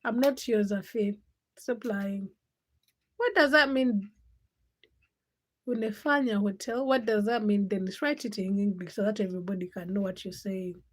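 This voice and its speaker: A woman's voice: mid-range voice, moderate pace. A young woman hosting a casual late-night livestream, chatting and teasing viewers by name as she reads their comments. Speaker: livestream host.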